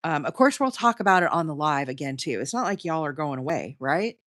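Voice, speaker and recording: A woman's voice: low voice, big pitch swings, fairly quick, fairly bright tone, no room sound, clean studio sound. A middle-aged woman with a Southern US accent, hosting a crochet livestream in a chatty, rambling way and talking straight to her chat. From Alabama, US. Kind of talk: casual live-stream chat while crocheting.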